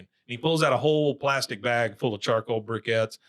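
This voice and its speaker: Male podcast co-host, chatty recap delivery, drops quick character quotes, mid-pitched. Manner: retells scenes with quick quoted impressions, laughs along. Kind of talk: casual chat recapping an episode.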